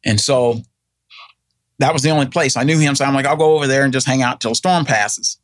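A man's voice: mid-range voice, fairly quick, no room sound. A middle-aged man, telling a personal story in casual chat, rambling with many fillers and acting out what people said. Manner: rambling, many fillers and restarts, acts out quoted voices. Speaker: guest telling his story.

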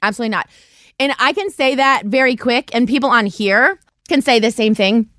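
A middle-aged woman hosting a podcast, telling stories in casual chat on a live stream, animated and laughing often as she acts out quotes. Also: fairly high pitch, brisk, no echo, clean studio sound. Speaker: podcast host.

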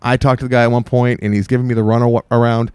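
A man telling a long story in casual podcast chat, animated and rambling. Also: medium pitch, racing, clean tone, no room sound. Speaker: podcast host.

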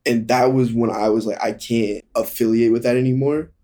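A young man candidly telling a hard personal story in conversation, halting and full of fillers. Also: medium pitch, steady tone, dark tone. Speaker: guest.

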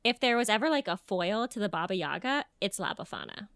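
A woman's voice: mid-range voice, brisk, no echo. A young woman co-hosting a podcast, telling folklore in a jokey, swearing, casual way. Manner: animated, jokey, swearing storyteller. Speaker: podcast co-host.

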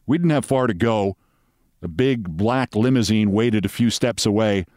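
A man reading a comic mystery story aloud in a steady, dry storytelling voice. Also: fairly low pitch, normal speed, no echo. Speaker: narrator.

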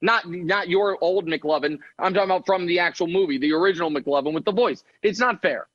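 A young man bantering on a radio call, animated and mock-indignant, with quick comic rants. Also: sits high, lo-fi sound. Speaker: guest commentator.

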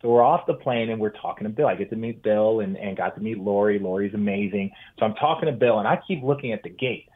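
Husky man on a tinny line. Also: fairly low pitch, fast, hardly any pauses. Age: 40s. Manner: animated storyteller, with restarts and acted-out quotes. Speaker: guest, former basketball player and broadcaster. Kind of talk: casual storytelling chat.

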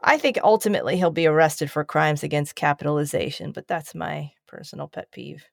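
A woman co-hosting a casual podcast, excitable and quick to blurt things out, with profane jokes. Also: sits low, creaky, dry recording, clean studio sound. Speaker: podcast co-host. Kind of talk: casual chat.

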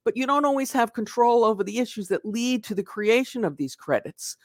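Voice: mid-range voice, lively intonation, a little fast, dry recording, studio quality. A channel host giving an unscripted accounts payable lesson, talking emphatically and conversationally, often checking in with "okay?" and stressing points with a punchy "poof". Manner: dramatizes losses with "poof". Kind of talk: unscripted explanatory video lesson.

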